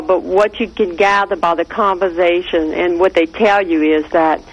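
A woman from Louisiana calls in to a talk show. She asks her question hesitantly, pausing on fillers as she searches for words. Her voice sits at an ordinary middle pitch. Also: rough recording. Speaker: caller.

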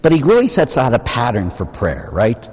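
A man's voice: mid-range voice, huge pitch swings, moderate pace, a little mellow, breathy edge. A man preaching a sermon as a Catholic priest, talking conversationally and posing rhetorical questions to the congregation. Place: church. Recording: long reverb of a church.

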